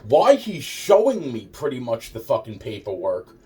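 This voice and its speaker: A man's voice: mid-range voice, wildly swooping pitch, moderate pace, warm tone, distant mic. A man telling a rambling, profane personal story with sarcastic asides.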